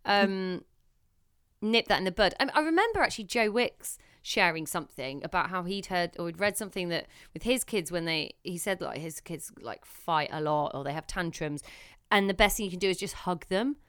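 A woman's voice: fairly low pitch, expressive, normal speed, fairly bright tone, clear, resonant tone, no echo, clean studio sound. A woman in her thirties co-hosting a podcast, chatting candidly and expressively about parenting with wry humor. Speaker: podcast co-host. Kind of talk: casual chat.

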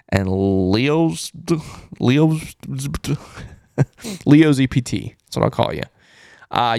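A man's voice: mid-range voice, creaky, dry recording, studio quality. A man hosting a casual live-stream postgame recap, chatty and thinking aloud as he reads through stats and repeats his reactions. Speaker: host of a fan postgame show.

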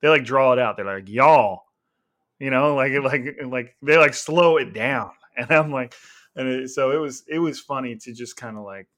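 Male podcast host from California, relaxed and rambling, laughs easily, mid-range voice. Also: medium pitch, moderate pace. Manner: chatty, laughing, heavy on filler words. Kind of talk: casual sports podcast chat.

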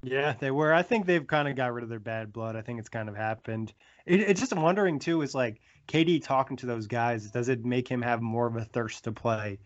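A man's voice: medium pitch, a little fast, dull audio. Laid-back male sports podcast host. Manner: relaxed, many fillers like "like". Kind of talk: casual sports podcast chat and read ads.

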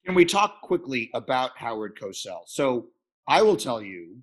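A man of average pitch hosting an interview. He asks his questions in a polite, measured, earnest way. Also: sing-song. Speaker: interview host.

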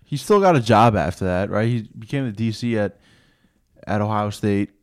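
A laid-back man chatting about football on a show. His voice is smooth and resonant and sounds close and dry, with no room around it. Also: on the low side, moderate pace, a little mellow, no room sound. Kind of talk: casual sports talk.

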